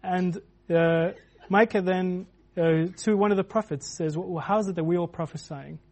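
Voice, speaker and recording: A man's voice: high voice, fairly even intonation, moderate pace, a little mellow. A man preaching a sermon in a loose, conversational way, with many restarts and filler words.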